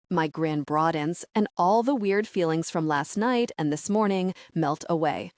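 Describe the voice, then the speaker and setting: A woman narrating a first-person romance audiobook in an expressive, conversational storytelling manner, recorded on a close studio mic. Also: sits low, moderate pace, no echo.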